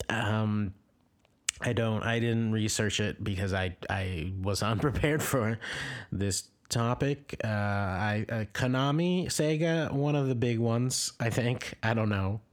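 Comedy podcast man, unhurried, rambling deadpan improv with lots of stops and restarts. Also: lowish voice.

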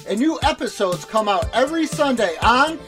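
A performer voicing an upbeat man from the future, speaking in a booming, announcer-like way over music. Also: lively intonation, moderate pace, close to an everyday voice.

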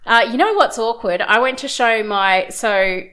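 A woman's voice: on the high side, measured pace, fairly bright tone, clear, resonant tone. A young woman co-hosting a casual podcast chat, telling stories with frequent giggles. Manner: chatty, giggly storyteller. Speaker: podcast co-host.

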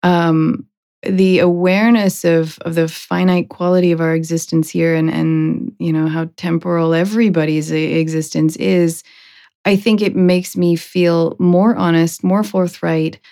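A woman's voice: lowish voice, fairly even intonation, measured pace, dark tone. A woman hosting a podcast in casual conversation, talking reflectively, often laughing and checking in with "right?". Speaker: podcast host.

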